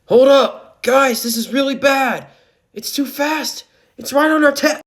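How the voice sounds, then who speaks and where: A man voicing a brave young male hunter yelling in alarm. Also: very high-pitched, unhurried, pitched above the performer's own voice, exaggerated voice. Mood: panicked. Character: young male hunter, brave, quick, panicked under pressure.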